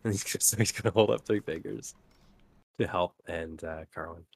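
A man's voice: sits low, fairly quick, vocal fry, a little mellow, breathy edge. A man playing a tabletop game, chatting casually and describing his character's actions. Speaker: player.

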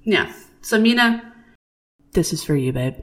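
A woman co-hosting a podcast, chatting casually and telling stories in an animated, profane way. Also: fairly low pitch, a little slow. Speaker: podcast co-host. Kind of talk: casual chat.

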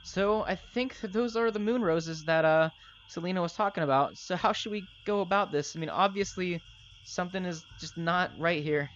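A man doing a hesitant, high-voiced companion. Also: fairly bright tone, lo-fi sound, a little hiss or hum. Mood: uneasy. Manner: hesitant, raised pitch, halting. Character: hesitant, nervous male adventurer companion.

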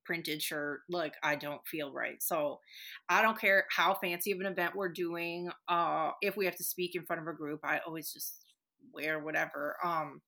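A young woman with a low, bright voice chats loosely on a podcast. She swears freely and fills her talk with "like" and restarts. Her tone is sharp and forward. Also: fairly even intonation, moderate pace. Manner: chatty, swears freely, many fillers. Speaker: podcast guest. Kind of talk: casual chat.

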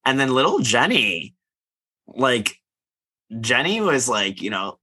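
A man co-hosting a casual podcast, recapping reality TV and acting out quotes in high, mocking voices. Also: very animated, slow, bright, forceful tone, breathy edge. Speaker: podcast co-host.

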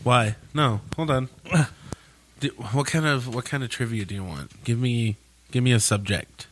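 A man's voice: medium pitch, moderate pace, fairly bright tone, slight background noise. A man co-hosting a casual podcast, reading riddles aloud and teasing his friends. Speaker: podcast co-host. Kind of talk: casual banter, reading out puzzles.

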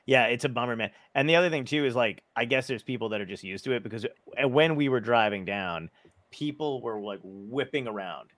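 A man's voice: mid-range voice, a little fast, a bit bright, no echo. A man from New Jersey hosting a podcast, rambling casually with frequent swearing and restarts. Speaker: podcast host. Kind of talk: casual chat.

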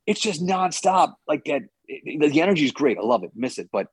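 A man's voice: fairly high pitch, very animated, brisk, breathy edge, no room sound. A man who trains fighters, chatting casually on a podcast, rambling and swearing now and then with lots of "like" and "you know".

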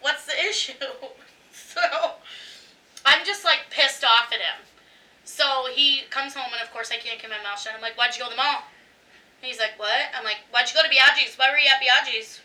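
A high-pitched woman with a piercing, bright voice tells a story in casual chat, animated and quick to swear and laugh. She sounds a little distant from the mic. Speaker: podcast co-host.

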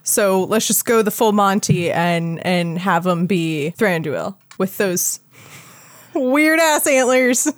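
A woman co-hosting a casual chat, animated and laughing often, restarting sentences as she goes. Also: medium pitch, takes it slowly, no room sound.

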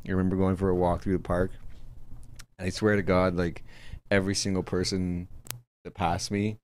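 A man in casual chat, relaxed and agreeable. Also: deep voice, moderate pace, slight background noise.

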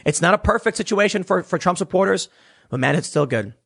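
A man's voice: high voice, expressive, brisk, gravelly, fairly bright tone, slightly rough. A man giving opinionated political commentary, emphatic and sarcastic, often restarting his words.

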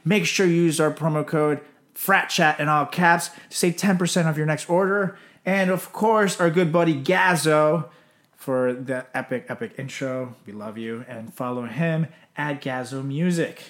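A man's voice: fairly high pitch, moderate pace, a bit bright. A man from Venezuela co-hosting a casual podcast, joking crudely and reading sponsor plugs. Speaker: podcast co-host. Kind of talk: casual chat.

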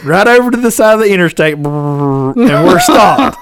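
A man telling a hunting-trip story in casual podcast chat, animated and drawling, acting out quotes and laughing along. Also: high voice, a little fast. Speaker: podcast co-host.

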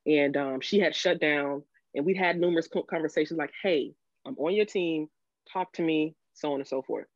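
A woman guest on a podcast telling the story of her marriage and divorce, emotional and halting, with many restarts, rising sharply when she quotes herself. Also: low voice, dry recording. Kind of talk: candid storytelling about a marriage. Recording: dull lo-fi audio.

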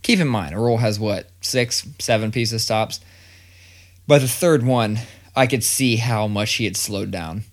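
Here a man in his thirties, his voice fairly low and unhurried, spins a profane, animated story in casual conversation. He swears freely and performs the quoted lines himself.

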